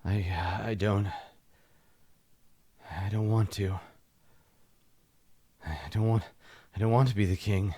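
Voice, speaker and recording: A man's voice: lowish voice, steady tone, slow, long pauses, dark tone, no echo. A man voicing a confused, sickly young king who pleads that he won't rule. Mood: anguished. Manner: pleading, anguished.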